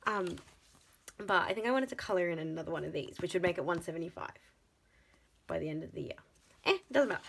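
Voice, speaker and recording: A woman, chatting excitedly in a casual budgeting vlog, full of gasps and exclamations. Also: medium pitch, a little hiss or hum, rough recording. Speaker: budgeting vlogger.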